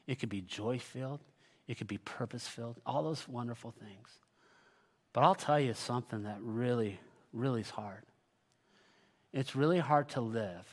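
Preaching man in an echoing hall. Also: mid-range voice. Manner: swings from loud preaching to quiet, intimate talk. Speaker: pastor. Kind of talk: sermon. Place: church sanctuary.

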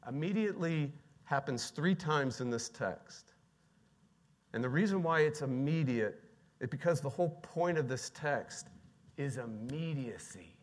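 A male pastor preaching a sermon, emphatic and repetitive, swinging between quiet, low passages and louder, raised ones. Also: expressive, measured pace. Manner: emphatic, repeats key words, swings from quiet to loud.

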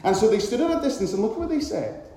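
A man preaching a sermon with dramatic delivery, now and then acting out loud shouted cries. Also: sits high, very animated, fast talker. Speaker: pastor. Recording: very echoey hall.

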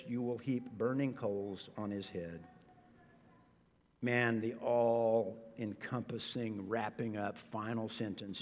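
Man preaching in a reverberant hall. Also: medium pitch. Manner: animated, voices mock-incredulous reactions. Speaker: pastor. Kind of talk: sermon.

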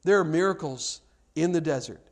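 A man's voice: fairly high pitch, normal speed. A man preaching a sermon, telling a story with acted-out dialogue and frequent stammered repeats.

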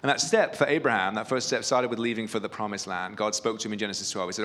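A man with a lowish voice preaches in an easy, conversational way, breaking into personal stories. He pokes fun at himself, and his talk is full of ums and restarts. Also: fairly even intonation, fast talker, a bit bright. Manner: self-deprecating, humorous storyteller with frequent fillers. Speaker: pastor. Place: church retreat gathering.

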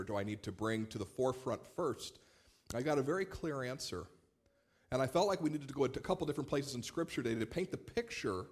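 A man, a pastor, preaching a sermon in a relaxed, storytelling way with light humor. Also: medium pitch, slightly rough. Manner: conversational storytelling with warm humor.

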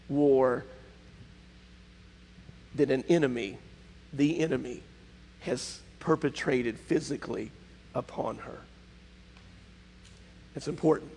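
A man preaching a sermon, emphatic and conversational, often questioning his congregation. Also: a little high. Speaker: pastor. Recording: long hall reverb.

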